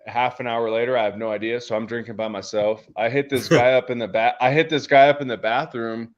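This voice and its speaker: Male podcast co-host, mid pitch, rambling profane storyteller, lo-fi audio. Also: fairly even intonation, brisk. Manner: rambling, profane, laid-back storytelling with lots of fillers. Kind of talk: casual storytelling.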